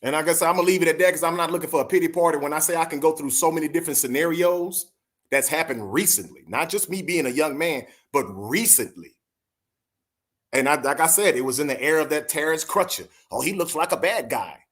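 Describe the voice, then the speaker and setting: Speaking quickly in a steady tone, a fortysomething male co-host tells a personal story over casual podcast talk. His voice leans high, and he speaks to his audience earnestly and without hedging.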